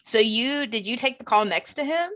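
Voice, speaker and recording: A young woman co-hosting a casual podcast. Her voice sits a little high, and she jumps in with short teasing remarks and playful questions. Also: expressive, fairly bright tone. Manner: teasing, quick interjections. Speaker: podcast co-host. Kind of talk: casual chat.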